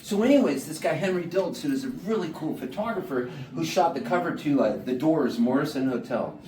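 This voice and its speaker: A singer-songwriter telling a rambling comic story to a live audience, laughing and quoting people in voices. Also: male voice, on the high side, lively intonation, fairly quick, warm tone. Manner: laid-back, laughing, quotes people in voices. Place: small showcase room, live audience. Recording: roomy live room, mic at a distance, background noise.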